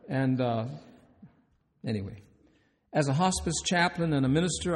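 In a conference hall full of long reverb, a hospice chaplain and minister gives a talk with a medium-pitched, creaky, darkish voice. He mixes humorous storytelling with questions aimed at the audience.

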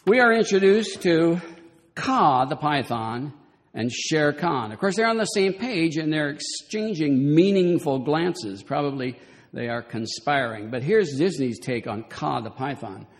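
An older man from Southern California gives a wry, measured talk and reads passages aloud with expression. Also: a little high, lively intonation. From Southern California, USA. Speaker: speaker on children's literature. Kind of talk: lecture with read-aloud passages. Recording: long reverb of a hall.

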